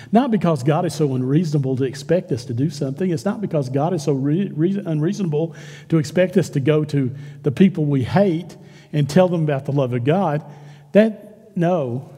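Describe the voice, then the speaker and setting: A man preaching a sermon as a pastor, animated, acting out quoted lines in a church. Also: on the high side, slightly rough. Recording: long hall reverb.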